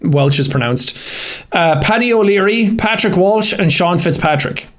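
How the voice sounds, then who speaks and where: A man in his thirties with an Irish accent, co-hosting a casual podcast chat and telling animated, sweary stories. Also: high voice, measured pace. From Ireland. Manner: animated storytelling, lots of swearing and laughing. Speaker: podcast co-host.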